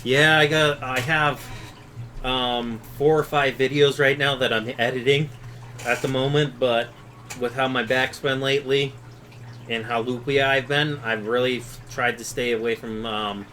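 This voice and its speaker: A man's voice: medium pitch, fairly even intonation, measured pace, bright, forceful tone, a little hiss or hum. A man from Chicago hosting a casual live stream, reading viewer comments aloud and answering them offhand. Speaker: aquarium channel host.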